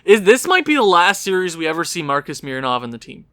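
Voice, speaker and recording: A man commentating his own hockey video game session, swinging into frustrated yelling at his goalie. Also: fairly high pitch, big pitch swings, fast, no echo. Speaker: gaming YouTuber.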